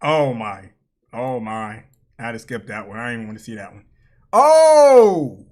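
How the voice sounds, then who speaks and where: A woman hosting a reaction video, talking through clips with frequent laughter and loud exclamations. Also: a bass voice, steady tone, fairly quick. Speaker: channel host.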